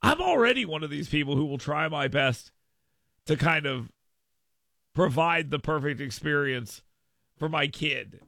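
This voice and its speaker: A man's voice: on the high side, lively intonation, unhurried, vocal fry, pauses often, bright, forceful tone, no echo, clean studio sound. A man hosting a radio talk show, riffing emphatically with listeners in a casual monologue.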